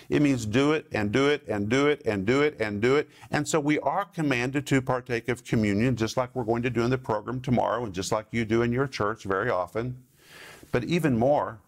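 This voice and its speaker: A middle-aged man preaching a sermon, teaching verse by verse with slow, deliberate emphasis on key words. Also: mid-range voice.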